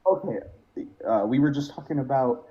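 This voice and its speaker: A man calls into a live stream debate, his mid-range voice dark with a breathy edge and a moderate pace, all carried over dull lo-fi call audio. The talk is casual and argumentative, and he sounds distracted and apologetic while swearing casually.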